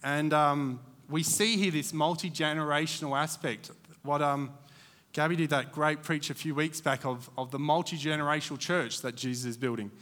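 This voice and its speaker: A man with a somewhat high, bright, forceful voice preaches a church sermon. He talks casually and wanders off on asides, full of fillers. His voice rings through a hall with a long reverb. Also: steady tone, moderate pace. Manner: conversational, digressive, many fillers.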